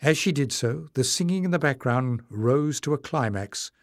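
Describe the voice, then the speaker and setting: A man narrating a fantasy audiobook in clear, even storytelling. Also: medium pitch, normal speed, dry recording, clean studio sound. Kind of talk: scripted narration.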